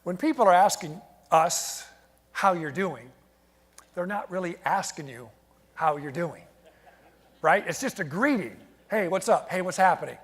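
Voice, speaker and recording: A man giving a lively motivational keynote to a live audience, telling stories and drawing the crowd into call-and-response. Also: high voice, measured pace, slightly rough. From United States. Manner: energetic, storytelling, engages the crowd with call-and-response. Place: large event hall with audience. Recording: long hall reverb. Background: audience responding and laughing.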